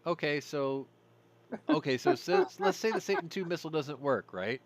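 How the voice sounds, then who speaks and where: A man's voice: on the high side, normal speed. A man hosting a casual news commentary show, rambling, going off on tangents and apologizing for them. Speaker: host.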